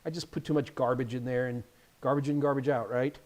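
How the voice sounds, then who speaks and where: A man hosting a casual live Q&A stream as an IT certification instructor, chatty and animated, with jokey asides. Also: medium pitch, brisk, a little hiss or hum.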